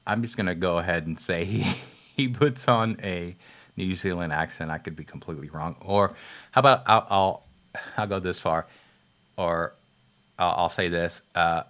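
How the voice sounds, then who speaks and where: A film reviewer with a low, slightly bright voice chats casually about a movie he watched. He rambles with many fillers and restarts, laughs at himself, and swears now and then.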